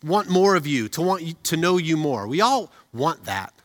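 A middle-aged man preaching a sermon as a pastor, telling stories with humor and animated delivery. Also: fairly high pitch, normal speed. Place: church auditorium. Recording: reverberant hall.

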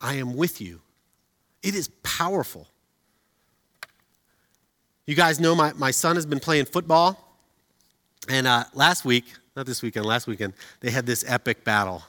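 A middle-aged man preaching a sermon as a pastor, telling stories with humor and animated delivery. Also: medium pitch, measured pace, pauses often. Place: church auditorium. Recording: reverberant hall.

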